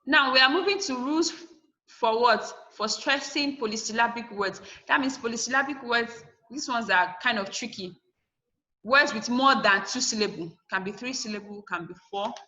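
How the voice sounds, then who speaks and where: A woman's voice: a little high, moderate pace, sharp tone, highs cut off. A woman teacher giving a classroom lesson, asking and answering her own questions and spelling words out letter by letter.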